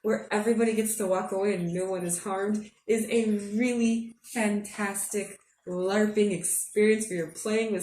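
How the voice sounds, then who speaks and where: A woman's voice: mid-range voice, a little mellow. Woman, casual vlog, giggly, chatty, says "okay?" a lot, distant from mic, roomy echo. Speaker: astrology forecaster. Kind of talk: casual spiritual forecast vlog. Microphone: headphones. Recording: roomy echo, a bit off-mic, faint room hum.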